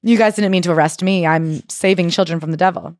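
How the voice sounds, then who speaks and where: A woman's voice: on the low side, quick pace, a little mellow, dry recording, clean studio sound. A woman co-hosting a podcast, retelling a memoir in casual chat and acting out quotes. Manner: chatty, acts out quotes with swearing. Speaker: podcast co-host.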